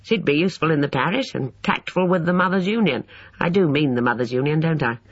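A reader voicing a chatty, cheerful young Englishman who rambles eagerly, in a husky voice. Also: medium pitch, lively intonation, quick pace, dry recording, highs cut off, lightly acted. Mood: breezy.

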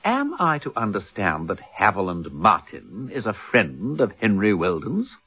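An actor playing a flamboyant, teasing gentleman detective in a radio drama, with a husky edge. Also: lowish voice, wildly swooping pitch, unhurried, full character voice. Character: witty aristocratic gentleman detective, playful. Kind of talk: 1970s radio drama acting. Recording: dull lo-fi radio recording.

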